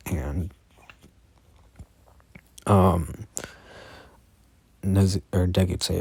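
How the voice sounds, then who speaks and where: A tired man improvising a fan story aloud, halting and correcting himself often. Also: low voice, vocal fry, a little mellow, breathy edge, no echo. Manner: halting, self-correcting, many fillers.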